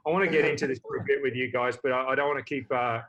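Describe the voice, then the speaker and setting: A man's voice: medium pitch, steady tone, very fast, a bit bright, lo-fi sound. A man hosting a casual video-call interview, upbeat and chatty, often restarting his sentences. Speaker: host.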